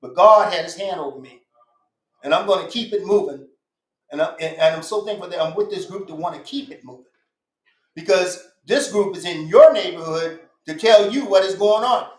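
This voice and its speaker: A man talks in a high voice on a casual podcast. He is emphatic and insistent and circles back to repeat his points. The sound is roomy, with a noticeable echo. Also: moderate pace. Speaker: guest. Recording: echoey room.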